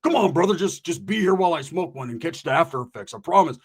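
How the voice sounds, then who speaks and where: A man's voice: a little high, animated, breathy edge, pitched above the performer's own voice. A man voicing a wheedling, stoned male buddy who keeps pushing his friend to join in. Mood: coaxing. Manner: coaxing, drawn-out pleading.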